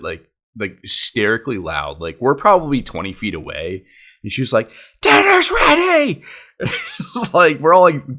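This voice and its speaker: A man with a lowish, bright, forceful voice tells a story casually. His pitch swings widely, and he rambles along with lots of filler words.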